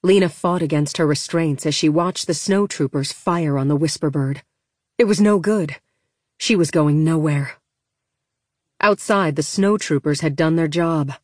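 A woman reading a storybook aloud in a steady, measured narration. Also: low voice, dry recording, studio quality. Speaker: audiobook narrator.

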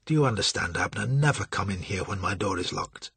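A man voicing a cold, menacing pale stranger who speaks low, slow and formal, with a husky voice. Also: expressive, a bit bright, no room sound, heavily acted. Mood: stern.

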